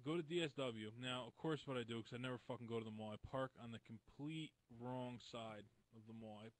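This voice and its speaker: A man's voice: mid-range voice, fairly quick, low-quality recording. A man co-hosting a comedy show, telling a long anecdote in a wry, blunt, profane way. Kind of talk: casual storytelling.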